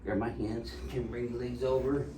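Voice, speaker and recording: Man, chiropractor, reassuring banter, mid pitch, echoey room, off-mic with background noise. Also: flat delivery, normal speed, warm tone, distant mic. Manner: joking, reassuring, giving instructions. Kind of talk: casual chat while treating a patient. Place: treatment room in a clinic.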